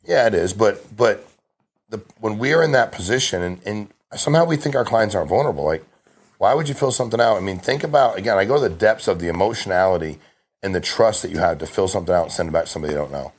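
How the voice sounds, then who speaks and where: A man's voice: on the low side, animated, husky. A middle-aged man talking casually on a podcast as a guest, telling stories with emphasis and lots of restarts. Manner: fast, emphatic storytelling with frequent restarts. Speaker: guest, insurance sales agent.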